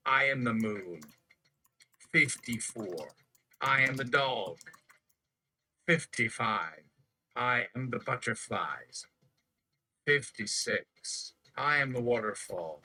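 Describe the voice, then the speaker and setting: A man's voice: mid-range voice, sharp tone, low-quality recording. A man on a live stream reciting numbered declarations one after another in a chanting manner. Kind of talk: slow counting recitation.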